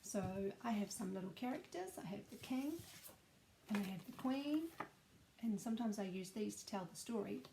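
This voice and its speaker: A woman teacher, reading a story aloud and leading a sing-along for young children, gentle and clear. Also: mid-range voice, lively intonation, moderate pace, noisy background.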